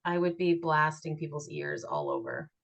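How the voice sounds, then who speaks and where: A woman co-hosting a podcast, telling a story from home in a candid, animated way, swearing freely and laughing often. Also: deep voice, normal speed, lo-fi sound. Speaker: podcast co-host. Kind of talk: candid casual chat.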